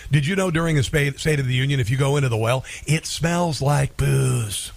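A man's voice: mid-range voice, brisk, gravelly, dry recording. A man hosting a talk radio show, cracking mocking jokes over news clips and taking callers. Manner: mocking, interrupts clips with wisecracks. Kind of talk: sarcastic talk radio commentary.

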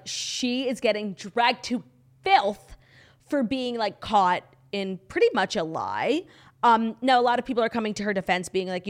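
A young woman co-hosting a podcast, telling a reality-show story in a gossipy, animated way, full of "like". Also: mid-range voice. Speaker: podcast co-host. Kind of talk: casual chat.

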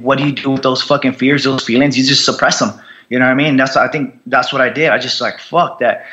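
Brief: male guest, cursing and emphatic, forceful bright tone, dull lo-fi audio. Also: mid-range voice. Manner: raw, profane, emphatic. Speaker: podcast guest, combat veteran. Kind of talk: candid interview storytelling.

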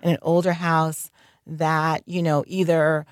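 A woman's voice: low-pitched, level tone, unhurried, dry recording, clean studio sound. A woman who works as a licensed general contractor, talking candidly in a radio interview, chatty and laughing often, with many fillers. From North Carolina.

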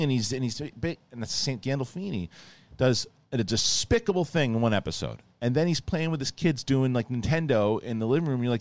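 A man's voice: mid-range voice, expressive, a little fast, a little mellow, dry recording. A man hosting a podcast, chatting casually and retelling TV episodes in a rambling way, with lots of restarts and acted-out quotes. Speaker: podcast host. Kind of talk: casual chat.

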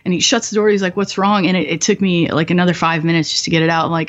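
A young woman guest in her twenties, telling dark stories bluntly and profanely, often laughing, in a slightly muffled recording. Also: fairly low pitch, flat delivery, rapid-fire, few pauses. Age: 20s. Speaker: guest, former bomb disposal technician. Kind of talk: candid storytelling interview.

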